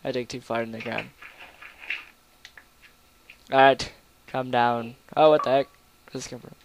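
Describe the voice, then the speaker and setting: A young man chats through a video game session, rambling and joking, and now and then bursts out loud. His voice sits at an ordinary pitch. A faint hiss runs under the recording. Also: steady tone, a little slow. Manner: rambling, goofy, sudden loud outbursts. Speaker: gameplay commentator. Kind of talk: casual gaming commentary.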